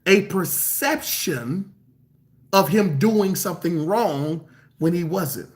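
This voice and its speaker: A male preacher with a fairly high voice for a man, speaking in an emphatic and colloquial way. He repeats phrases to drive them home and stretches some words out slowly. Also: expressive. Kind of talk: sermon.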